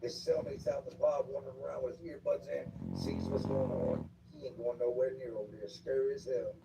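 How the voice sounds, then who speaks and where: A man telling stories of his time as an inmate in casual street slang, acting out the shouts of other inmates. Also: mid-range voice, wildly swooping pitch, fairly quick. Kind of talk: casual storytelling. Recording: distant mic with clear background noise.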